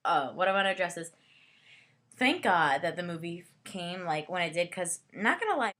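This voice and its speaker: A young woman talks through her take on a book and its film in a loose, excitable ramble, full of fillers and asides. Her voice sits a little on the low side for a woman. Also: normal speed. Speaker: book reviewer. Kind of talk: casual book and movie review.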